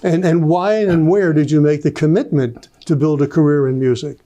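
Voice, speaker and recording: A man hosting a talk show, introducing his guest in a wry, amused, halting way. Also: a little high, fairly even intonation, warm tone.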